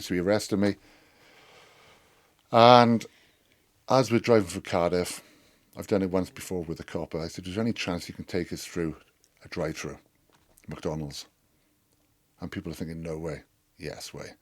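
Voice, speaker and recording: Middle-aged man, low voice, lively cheeky storyteller with a salty mouth. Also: moderate pace, long pauses. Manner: animated, sweary storyteller. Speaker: podcast guest. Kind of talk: storytelling anecdote.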